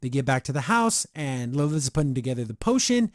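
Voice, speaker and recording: A man hosting a podcast, giving a casual episode review in a rambling, excitable way full of fillers. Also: mid-range voice, fast, no echo, clean studio sound. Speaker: podcast host.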